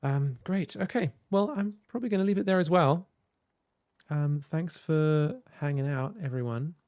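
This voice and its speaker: A man's voice: on the high side, normal speed, darkish tone, no room sound, clean studio sound. A man hosting a casual livestream, chatting to viewers in a rambling, hesitant way with many fillers. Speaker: livestream host. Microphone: desk microphone with headphones.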